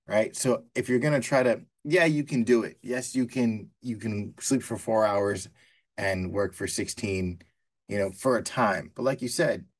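A man co-hosting a casual podcast, talking through ideas with long everyday analogies in a loose, conversational way. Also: fairly low pitch. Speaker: podcast co-host.

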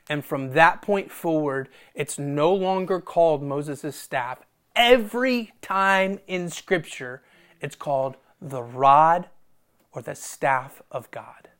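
A preacher with a medium-pitched voice delivers a sermon, reading scripture aloud and commenting on it. He often repeats phrases for emphasis, swinging between loud, emphatic bursts and hushed, almost whispered lines.

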